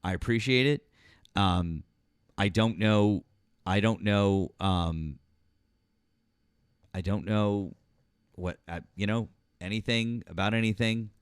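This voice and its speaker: Man, low voice, dry sound, halting live-stream host. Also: clean tone, no echo. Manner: halting, many restarts and fillers. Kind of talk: casual live-stream talk with callers.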